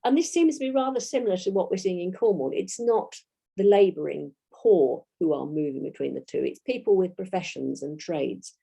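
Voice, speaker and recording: A woman with a British English accent gives a history lecture, reading out dates and quotations at a measured pace. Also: on the low side, animated, vocal fry, warm tone, husky. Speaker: historian giving a talk.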